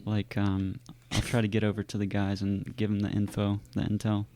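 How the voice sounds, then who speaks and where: A man's voice: fairly low pitch, completely flat delivery, moderate pace, mellow, dry recording. A man talking as a player in a tabletop game, laid-back and easily amused.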